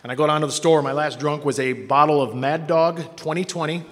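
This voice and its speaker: A man's voice: on the high side, steady tone, a little fast, a bit bright. A middle-aged man telling his own recovery story to a meeting, in a candid, self-mocking way. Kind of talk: personal testimony to a meeting. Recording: long hall reverb.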